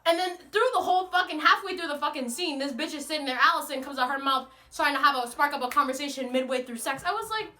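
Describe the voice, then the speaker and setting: A young American woman vents on camera in a loose, swear-heavy rant. Her voice sits high and bright, and she sounds exasperated throughout. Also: quick pace, few pauses, faint music behind. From United States. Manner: animated, profane, exasperated. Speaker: vlogger. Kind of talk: ranting casual monologue.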